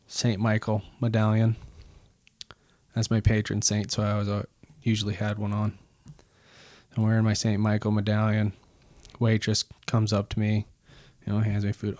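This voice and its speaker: Man, podcast guest, low voice, flat delivery, dry close sound, rambling with fillers. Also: no room sound. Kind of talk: casual storytelling.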